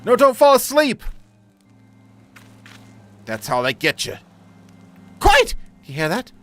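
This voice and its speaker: A man voicing a superstitious old male sailor in a put-on, half-Cockney, half-Scottish accent, talking in rough, folksy dialect. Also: medium pitch, animated, a little fast, sharp tone. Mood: alarmed. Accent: mock Cockney-Scottish put-on. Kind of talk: reading game dialogue aloud. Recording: faint game music behind.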